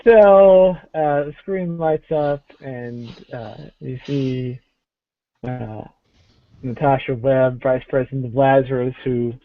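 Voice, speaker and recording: A man narrating a tabletop game as game master, halting with many fillers. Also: mid-range voice, no echo. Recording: tinny phone-like call audio.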